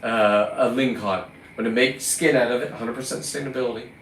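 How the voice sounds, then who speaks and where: A man's voice: mid-range voice, fairly even intonation, brisk, a bit bright. Profane, combative man ranting from afar. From California. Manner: combative, profane, talks to the lobsters. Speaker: recreational lobster fisherman. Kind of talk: ranting vlog monologue. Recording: roomy, distant mic, faint ambient noise.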